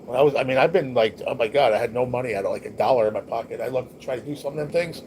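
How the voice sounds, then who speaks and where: A man with a slightly mellow, mid-range voice races through his words while hosting a casual livestream. He's blunt and profane with viewers, rambling and full of slang, on a low-quality recording with noticeable background noise.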